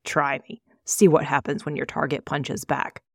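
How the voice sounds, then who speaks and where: A cocky young man taunts his rival in a storybook reading, voiced by a woman. The voice is low and dry. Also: level tone, moderate pace, gravelly, slightly rough, dry recording, full character voice. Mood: taunting. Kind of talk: audiobook reading.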